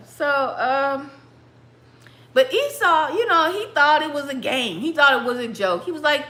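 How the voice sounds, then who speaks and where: Woman livestream host with an unhurried, animated storytelling delivery and a bright voice. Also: high-pitched, roomy sound. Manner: animated and laughing, breaks into song. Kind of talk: casual retelling of a Bible story.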